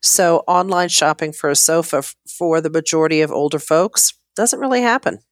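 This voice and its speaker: A woman's voice: low-pitched, moderate pace, no room sound, studio quality. A middle-aged woman, an interior designer, talking earnestly as a podcast guest. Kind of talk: casual interview chat.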